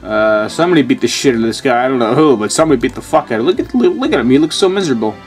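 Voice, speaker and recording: A man's voice: mid-range voice, lively intonation, rapid-fire, faint music behind. A man casually commenting on a video game he plays, reading screen text aloud, muttering and swearing often. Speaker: gaming channel host.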